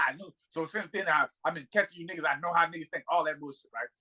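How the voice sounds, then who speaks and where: Fast, bright-voiced man retelling a movie. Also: fairly high pitch, slightly rough. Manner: animated, profane storytelling with lots of filler. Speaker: podcast host. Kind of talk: casual chat, retelling a movie.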